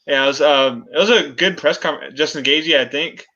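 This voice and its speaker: A man's voice: on the high side, brisk, bright, forceful tone, highs cut off. A man joining a live MMA preview show, talking hesitantly and laughing often. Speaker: podcast guest panelist. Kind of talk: casual MMA chat.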